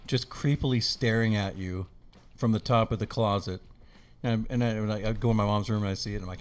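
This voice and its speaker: Animated guy telling a childhood story, slightly low voice, laughing a lot. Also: fast talker. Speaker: podcast guest. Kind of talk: casual storytelling.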